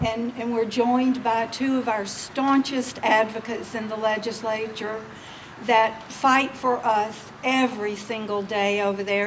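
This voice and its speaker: A woman's voice: a little high, steady tone, unhurried. A woman, speaking as an agency official at a public reception. She talks in a heartfelt, emotional way while presenting awards. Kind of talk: public speech at an event. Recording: distant mic with faint background noise.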